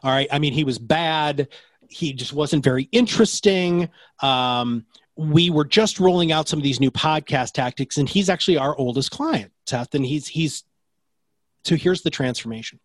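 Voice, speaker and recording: A man who runs a podcast production company, answering interview questions in a fast, enthusiastic, salesy way. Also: fairly high pitch, dry recording.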